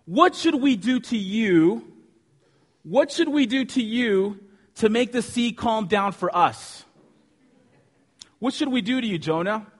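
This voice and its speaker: A man voicing frightened sailors, speaking slowly in alarmed, pleading questions. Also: high-pitched, lively intonation, husky, voice pushed up, heavily acted. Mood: panicked. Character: frightened sailors, adult men, panicked. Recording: long hall reverb.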